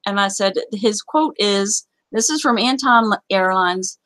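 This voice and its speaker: A woman's voice: medium pitch, lively intonation, a little slow, hardly any pauses, fairly bright tone, no echo, poor audio. A woman hosting a casual live game show, chatty and rambling, often apologizing. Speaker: livestream host.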